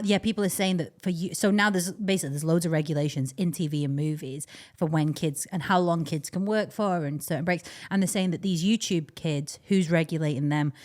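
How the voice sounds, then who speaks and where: A young woman hosting a podcast, chatting casually and rambling with frequent laughs. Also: on the low side. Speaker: podcast host. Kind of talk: casual chat.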